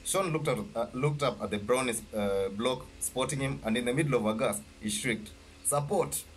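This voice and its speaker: A man reading his own novel aloud, halting and correcting himself as he goes. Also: medium pitch, soft background music. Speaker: author.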